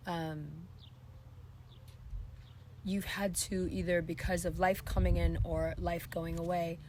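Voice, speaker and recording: A woman with a hoarse, worn voice giving a casual monthly tarot reading outdoors, talking in a relaxed, reassuring way and often repeating her phrases. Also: fairly low pitch, slight background noise. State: hoarse, lost voice. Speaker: tarot reader. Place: outdoors in a breezy spot.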